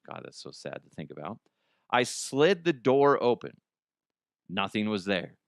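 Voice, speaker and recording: In a dry, studio-quality recording, a medium-pitched man hosts a comedy podcast. He reads out listener ghost stories and riffs on them with excitable energy, laughing often and swearing freely.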